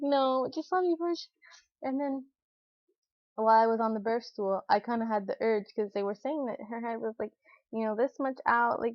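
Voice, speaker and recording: A young woman with a fairly high voice recounts a personal story in a loose, chatty way, full of fillers. She lifts her voice to act out quotes. The sound is dry and a little dull, like a lo-fi home recording. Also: no room sound. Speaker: new mother.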